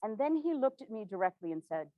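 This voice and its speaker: A woman playing an earnest 1860s governor's widow, recounting events in a formal, measured period manner. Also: medium pitch, sing-song, no room sound, narrow, tinny audio, natural voice. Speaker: living historian. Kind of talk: first-person historical portrayal.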